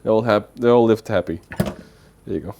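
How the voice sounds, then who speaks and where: A man's voice: on the low side, normal speed, creaky, a little mellow, slight background noise. A man telling a rambling, playful story on a casual livestream, with lots of filler words. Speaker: streamer.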